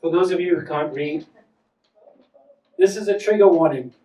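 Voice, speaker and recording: A man's voice: a little high, normal speed, dark tone. South African man in his 40s, wry solo storyteller, echoey stage, heard from afar. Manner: wry, self-deprecating. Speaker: comedian and solo performer. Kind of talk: stand-up storytelling. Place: theatre stage. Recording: echoey theatre from far off.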